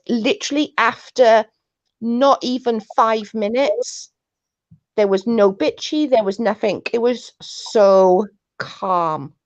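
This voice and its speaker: A woman chatting casually on a livestream, laughing often and telling rambling stories. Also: a little high. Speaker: guest co-host. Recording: muffled lo-fi stream audio.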